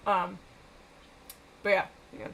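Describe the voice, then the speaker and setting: A woman's voice: mid-range voice, lively intonation, slow, vocal fry, fairly bright tone, a little hiss or hum. A woman streamer chatting casually while she plays a game, rambling with lots of fillers and swearing.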